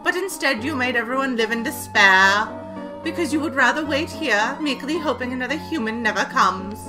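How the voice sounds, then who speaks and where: A woman voicing a gentle motherly goat monster queen with a put-on British accent, formal and kindly. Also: high-pitched, expressive, moderate pace, music in the background, voice pushed down, low-quality recording. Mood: stern.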